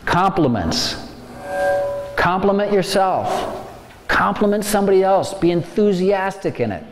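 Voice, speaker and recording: A man giving a faith-based lecture on stress, animated and acting out worried inner voices. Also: sits high, measured pace, soft background music. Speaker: speaker. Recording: echoey hall, faint ambience.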